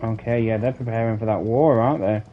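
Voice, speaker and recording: A man's voice: lowish voice, steady tone, fast, narrow, tinny audio. A man commenting casually and musingly as a gaming streamer. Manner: chatty, musing, many fillers. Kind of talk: let's play commentary.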